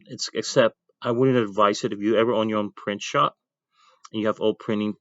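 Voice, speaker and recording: A man's voice: fairly low pitch, fairly bright tone, no room sound, muffled recording. A man teaching an ink drawing class, talking casually as he draws and thinking aloud with chatty asides. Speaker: art teacher.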